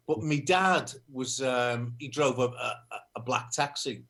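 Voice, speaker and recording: A man from Liverpool with a Liverpool accent, a musician guest telling anecdotes in a relaxed, self-deprecating way. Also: mid-range voice, a little slow, few pauses. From Liverpool, England. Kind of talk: casual interview chat.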